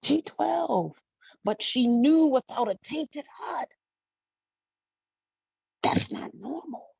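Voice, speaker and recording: A woman's voice: high voice, slow, creaky, a little mellow, breathy edge, no echo. A middle-aged woman life coach giving a motivational monologue, emphatic and blunt, repeating her phrases and swearing freely. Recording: dull dry lo-fi recording.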